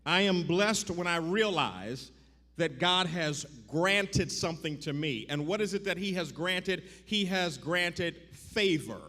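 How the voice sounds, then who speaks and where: A man preaching a sermon as pastor to his congregation, checking that they follow along and building to shouted exhortation. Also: high voice, animated, takes it slowly. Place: church sanctuary. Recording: echoey church sanctuary.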